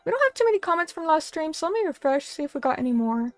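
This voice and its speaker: Racing and very animated, this young woman's high voice carries over soft background music with no room sound. She is a vtuber streamer at a little table in a small room, chatting casually and reading viewer comments while rambling and running herself down.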